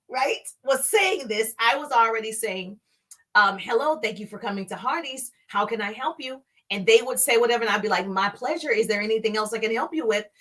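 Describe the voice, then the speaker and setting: A middle-aged woman telling her own story in a casual, animated way as she teaches social media marketing, laughing often and breaking into playful exclamations. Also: fairly high pitch.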